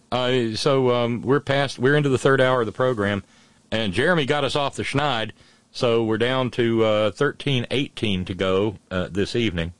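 A man's voice: lowish voice, dry recording. A man hosting a call-in radio show, talking casually with wry, sardonic asides.

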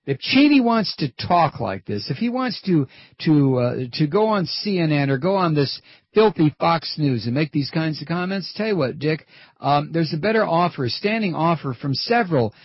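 Furious ranting male commentator, husky. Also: on the high side, lively intonation, moderate pace, dry recording. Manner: furious, profane, taunting, rising to shouts. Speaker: political commentator. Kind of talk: angry on-air rant. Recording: dull dry broadcast audio.

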